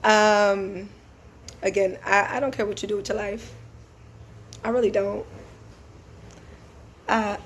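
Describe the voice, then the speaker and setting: A woman who drives for a rideshare service, telling a casual storytime vlog in a laid-back, slangy, chatty way. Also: mid-range voice.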